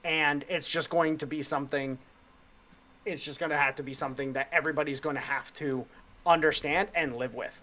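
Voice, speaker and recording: A man's voice: on the high side, fairly even intonation, fairly quick, bright, forceful tone. Profane, heated man on a podcast. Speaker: podcast co-host. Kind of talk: casual podcast chat.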